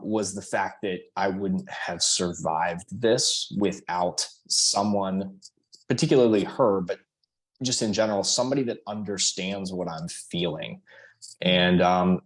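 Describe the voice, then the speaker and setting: Deep-voiced earnest man, halting. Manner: earnest, halting, many fillers. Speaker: podcast guest. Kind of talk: casual conversation.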